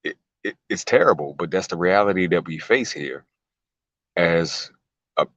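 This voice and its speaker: A man's voice: sits low, animated, normal speed, a bit bright, dry recording, highs cut off. A man talking as an interview guest, emphatic and casual, repeating words and firing rhetorical questions. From United States.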